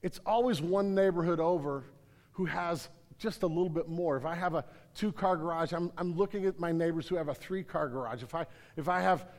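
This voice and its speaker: High-voiced man preaching in a reverberant hall. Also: brisk, a little mellow. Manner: earnest, repeats words, rises to emphatic then drops low. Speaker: pastor. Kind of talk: sermon. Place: large room with congregation.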